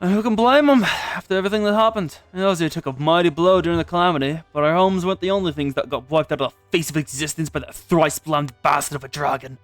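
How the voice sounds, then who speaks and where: A man voicing a gruff male tavern owner in a video game, with a rough sailor's brogue that keeps slipping. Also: on the high side, fast talker, few pauses, no echo, faint music behind, natural voice. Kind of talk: reading game dialogue aloud.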